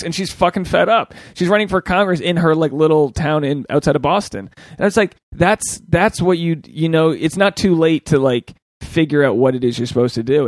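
Animated storytelling man, dry sound. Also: fairly high pitch, dry recording. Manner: animated storyteller, swears freely, acts out quotes. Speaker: podcast host. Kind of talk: casual podcast chat.

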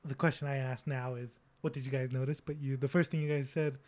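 A young man hosting a casual film discussion, relaxed and laughing easily, with many fillers. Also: mid-range voice, fast talker. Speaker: discussion host.

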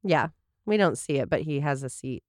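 A woman with a lively, swooping voice chats through an episode recap, laughing easily and tripping over her own reading. The sound is dry and close. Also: low voice, normal speed, no room sound. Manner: laughs often, reads summaries aloud and trips over words. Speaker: podcast co-host. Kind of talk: casual chat recapping a sitcom episode.

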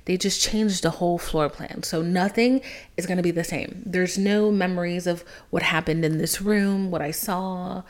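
Dramatic young woman podcaster. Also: fairly low pitch. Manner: dramatic, swinging between loud outbursts and hushed whispers; swears freely. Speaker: podcast host. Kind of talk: casual storytelling monologue.

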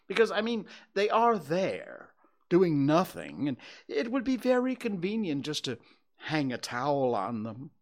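A man's voice: on the high side, wildly swooping pitch, measured pace, voice pushed up, exaggerated voice. A man voicing a fussy, bossy rabbit in a storybook reading, talking sternly. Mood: cheerful.

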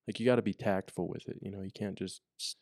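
Young man, low-ish voice, rambling casual podcast storyteller. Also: steady tone, quick pace, a little mellow, no room sound, studio quality. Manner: rambling, with many fillers and restarts. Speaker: podcast co-host, corrections officer. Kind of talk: casual chat.

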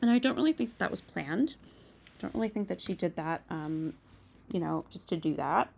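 Chatty young woman with gravelly fry. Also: fairly low pitch, normal speed. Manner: chatty, lots of "like" and "um", animated asides. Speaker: podcast host. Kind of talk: casual solo recap chat.

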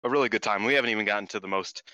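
Animated, swearing man chatting. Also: fairly low pitch, very fast, no echo, dull audio. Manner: animated, swears often, acts out quotes. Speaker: podcast co-host. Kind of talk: casual chat.

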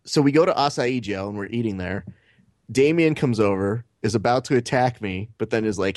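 A man co-hosting a podcast, telling animated stories and swearing casually. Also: lowish voice, a little fast, no echo, clean studio sound. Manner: animated storyteller, acts out quotes, swears. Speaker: podcast co-host.

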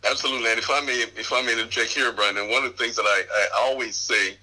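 A man from Panama with a West Indian accent, a guest in a casual interview, speaking in a measured, earnest way. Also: medium pitch, fairly even intonation, pushed and bright, rough recording. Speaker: podcast guest.

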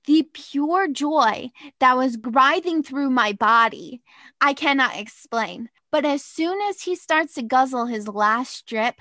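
A young woman tells a dating story in a casual, animated way, leaning on "like" and dramatic emphasis. Her voice is bright and sits a little high. The sound is dry and close. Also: slow pace, no echo.

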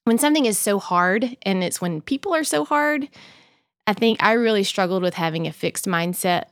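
A woman's voice: medium pitch, expressive, normal speed, dry recording. Earnest chatty woman, dry close sound. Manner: earnest, candid, chatty with frequent "like". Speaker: podcast guest. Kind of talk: reflective casual conversation.

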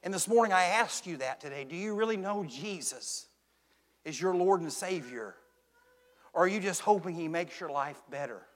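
A man preaching a sermon as pastor, swinging between hushed intensity and shouted emphasis. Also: sits high, expressive, moderate pace. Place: church sanctuary. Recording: long church reverb.

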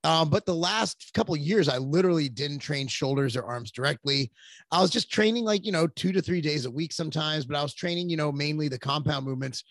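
A man's voice: on the high side, brisk, fairly bright tone, no echo. A man in his forties, a podcast guest, telling long rambling stories in casual chat with plenty of cursing. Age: 40s. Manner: rambling, profane storytelling.

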